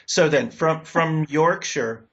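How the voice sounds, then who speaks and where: A man's voice: a little high, slow, vocal fry, a bit bright. Guy interviewing someone, curious rambly questions, kinda muffled audio. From United States. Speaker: interview host. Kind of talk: casual interview chat. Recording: dull lo-fi recording.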